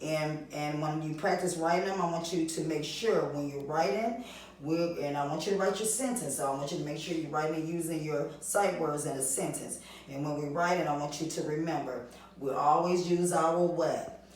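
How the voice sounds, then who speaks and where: A woman's voice: sits low, normal speed, a little mellow, a little hiss or hum. A woman teaching a reading lesson to young children, asking questions in a sing-song way and answering them herself. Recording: distant mic, very echoey room.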